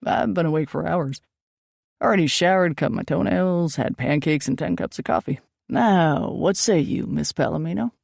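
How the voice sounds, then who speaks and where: Woman voicing a jokey ghost hunter guy, teasing and breezy, bit of gravel, dry sound. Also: low-pitched, animated, moderate pace, darkish tone, no room sound, exaggerated voice. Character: joking eccentric young male ghost hunter. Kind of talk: audiobook dialogue.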